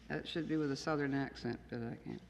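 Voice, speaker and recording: A woman in her sixties, a poet, gives a plain, measured reading of her own poems to an audience in a lecture hall. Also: a bass voice, creaky, background noise. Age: 60s. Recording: dull 1970s tape in an echoey hall.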